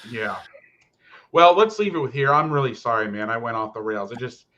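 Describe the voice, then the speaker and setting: A man hosting a football talk show, ranting casually and profanely about coaching. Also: mid-range voice. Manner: animated, profane, fast ranting. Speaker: football podcast host and coach. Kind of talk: casual rant. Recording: lo-fi muffled audio.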